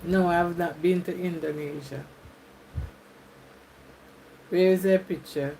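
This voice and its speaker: Jamaican woman chatting slowly on a live stream. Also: fairly low pitch, fairly even intonation, gravelly, mellow, a little hiss or hum, low-quality recording. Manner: chatty, reads comments aloud, laughs often. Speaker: YouTuber. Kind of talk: live stream chat with viewers.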